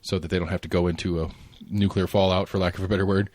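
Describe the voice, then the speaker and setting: A man's voice: low voice, little pitch movement, quick pace, darkish tone, no room sound. A man co-hosting a casual current-affairs podcast, rambling with lots of fillers and restarts and the odd swear word. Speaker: podcast co-host.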